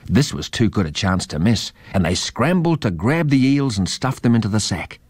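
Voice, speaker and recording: A man reading a children's story aloud in a measured, expressive way. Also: lowish voice, slightly rough, no room sound.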